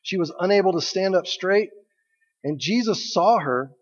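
A man's voice: sits high, lively intonation, normal speed, breathy edge. A man preaching a sermon as a pastor, speaking in a conversational, joking way and asking the congregation questions. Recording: dull audio with long hall reverb.

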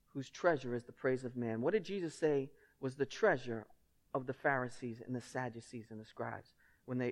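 A male pastor preaching a sermon in a conversational, emphatic way, often asking the congregation rhetorical questions. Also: mid-range voice.

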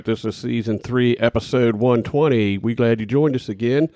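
A man's voice: medium pitch, steady tone, normal speed, heavy background noise. A man co-hosting a casual podcast, playful and chatty, reading short quotes aloud. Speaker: podcast co-host. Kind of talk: casual chat.

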